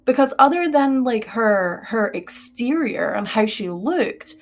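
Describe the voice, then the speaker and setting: A woman's voice: fairly high pitch, lively intonation, unhurried. A woman co-hosting a live stream, telling a personal story casually and animatedly with lots of "like" fillers, heard through a webcam mic. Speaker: podcast co-host.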